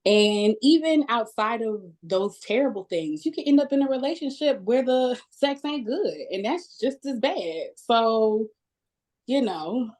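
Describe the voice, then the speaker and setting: A woman's voice: on the high side, expressive, a little slow, a little mellow. A woman guest writer speaking candidly and earnestly in a casual chat.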